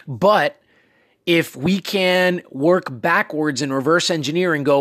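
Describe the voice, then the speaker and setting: A man's voice: on the high side, takes it slowly, a bit bright, no room sound, studio quality. A man hosting a casual motivational talk, coaching listeners in a conversational way with many fillers and asides. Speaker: self-improvement podcast host.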